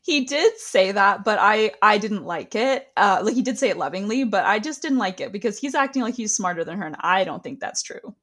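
A woman co-hosting a podcast in casual chat, lively and giggly, who slips into other people's voices when she quotes them. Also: medium pitch, a little fast, few pauses. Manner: lively, chatty, giggly, mimics accents when quoting. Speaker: podcast co-host. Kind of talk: casual chat recapping a reality show.

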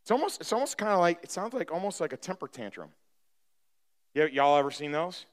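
A man preaching a sermon as pastor, talking conversationally with humor and building to emphatic, animated preaching. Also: on the high side, brisk. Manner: conversational with self-deprecating humor.

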